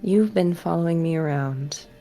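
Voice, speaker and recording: A tired, guarded scholar with a low, gravelly voice, played by a woman, answering with dry wit. Her tone stays wry and weary. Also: normal speed, mellow, soft background music, lightly acted. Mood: wary.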